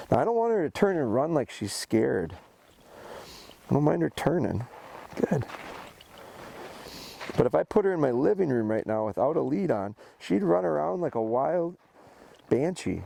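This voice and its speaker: A man's voice: mid-range voice, very animated, a little slow, gravelly, pauses often, dark tone, a little hiss or hum. A male dog trainer giving casual, step-by-step instruction outdoors, breaking off often to praise and call his dog. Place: outdoors by a rural road.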